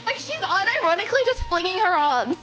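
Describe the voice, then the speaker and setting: A woman streamer with a very high voice rattles along in casual chat with her audience. She is playfully bossy and full of quick asides. Faint game music plays behind her. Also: very animated, a bit bright, dull audio.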